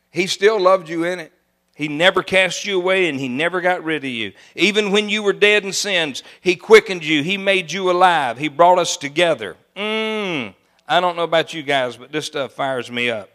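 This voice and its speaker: An older man preaching a sermon in a church, folksy, moving from soft asides to loud cries and slowing down to read scripture. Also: sits high. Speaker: pastor. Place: church sanctuary.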